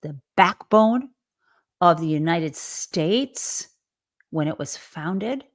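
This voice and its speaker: Slow, emphatic indignant woman host. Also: lowish voice, expressive. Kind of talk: live commentary show.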